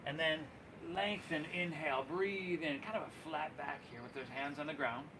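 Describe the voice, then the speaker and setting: A man guiding a live yoga class, cueing poses and breaths in an encouraging, relaxed and folksy way. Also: on the high side, moderate pace, slight background noise. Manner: relaxed, folksy, says y'all. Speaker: yoga instructor.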